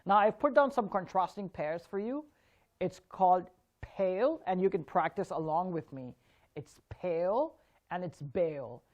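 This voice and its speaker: A woman with a somewhat low voice teaches English pronunciation in an online lesson. She says each sound and word pair slowly and deliberately so learners can repeat after her. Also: lively intonation, muffled recording. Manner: slow, careful demonstration of sounds in contrasting pairs.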